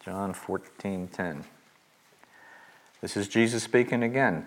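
Middle-aged guy teaching bible class, emphatic, says the big points twice real slow. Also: fairly low pitch, lively intonation. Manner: emphatic, repeats key phrases slowly.

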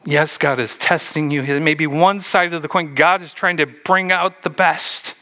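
A male pastor preaching a sermon, acting out Bible scenes with lively shifts and dropping to a hush for emphasis. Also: a little high, normal speed.

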